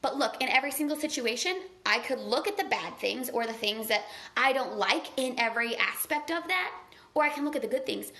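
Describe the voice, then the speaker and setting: A woman speaks to her live-stream viewers in an earnest, gushing motivational talk. Her voice sits a little high and sounds bright and pressing. She talks in a loose, chatty way, full of "like.". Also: lively intonation, a little fast. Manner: earnest, gushing and conversational, heavy on "like". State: tearful at times.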